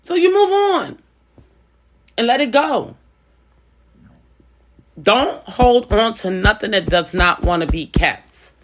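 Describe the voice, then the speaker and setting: A woman's voice: on the high side, expressive, takes it slowly, long pauses. A middle-aged woman and business owner giving casual advice straight to camera, blunt and emphatic, coming back to her points again and again.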